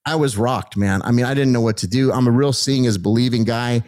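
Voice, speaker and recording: A middle-aged man telling his life story as a guest in an animated, excited way, acting out the people he met. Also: mid-range voice, a little fast.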